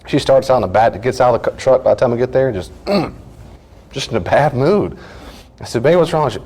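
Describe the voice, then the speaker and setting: A middle-aged pastor with a very low voice teaches in a relaxed, conversational way. He tells earnest stories and briefly acts out what other people said. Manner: earnest storytelling, acts out short quoted lines.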